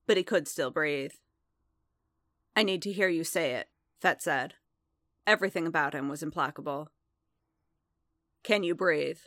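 Woman narrating a story, lowish voice, measured and intimate, dry close mic. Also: a bit bright, no echo. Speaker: reader. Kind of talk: scripted narration of fan fiction.

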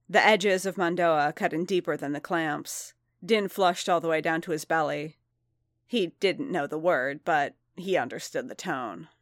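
A woman reading a story aloud in a steady, even narration. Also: on the low side, dry recording, clean studio sound. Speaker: reader. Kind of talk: audiobook-style story reading.

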